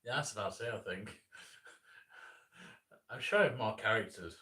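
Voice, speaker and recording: A man's voice: lowish voice, measured pace, pushed and bright, recorded from a distance. A man in his thirties, an animator chatting casually on a live stream, rambling and self-deprecating, with lots of restarts. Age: 30s.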